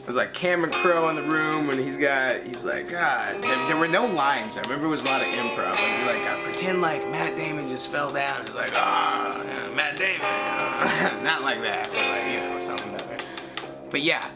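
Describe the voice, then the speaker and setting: A man telling a casual anecdote in a rambling, halting way. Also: medium pitch, animated, loud music behind the voice. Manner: rambling, halting, lots of fillers.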